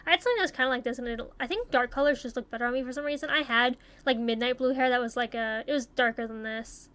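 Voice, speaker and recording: Young woman with a high voice, rambling and cursing casually thru quizzes. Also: fast, a bit bright. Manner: chatty, swears casually, muses aloud. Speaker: YouTuber taking online quizzes. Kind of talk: casual commentary while playing.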